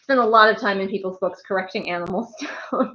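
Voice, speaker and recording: A chatty woman streamer rambles casually from home and laughs a lot. Her voice sits at an everyday middle pitch. The audio is a bit muffled and lo-fi. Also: a little fast, sharp tone. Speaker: streamer and writer. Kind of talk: casual chat on a birthday live stream. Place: home with pets.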